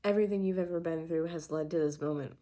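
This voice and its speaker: Young woman doing a heartfelt tarot reading, kinda low voice, earnest and emphatic. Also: quick pace, mellow. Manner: earnest, emphatic, with restarts and fillers. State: getting emotional. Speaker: tarot reader. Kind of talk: emotional channeled tarot reading.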